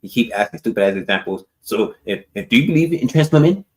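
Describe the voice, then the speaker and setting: A man's voice: medium pitch, expressive, quick pace. Mocking, profane man on a podcast. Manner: mocking, profane, calling out others by name. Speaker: podcast panelist. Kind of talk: heated debate.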